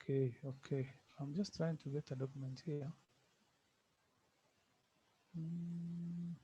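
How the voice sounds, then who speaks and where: A man's voice: fairly high pitch, fairly even intonation, slow, warm tone, dull audio, slight background noise. A man teaching an online class, patiently repeating sounds and names for his students over a video call. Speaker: Arabic teacher.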